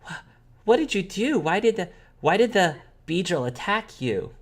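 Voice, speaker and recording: A man voicing a young girl who begs to play video games, in a high childish pleading voice. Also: sing-song, moderate pace, heavily acted. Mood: curious. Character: little girl, cheerful pushy gamer sister.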